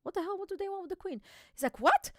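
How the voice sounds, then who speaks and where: A woman's voice: extremely high pitch, racing, darkish tone, dry recording, studio quality. A young woman hosting a live reaction stream, chatty and giggly, reading dialogue aloud.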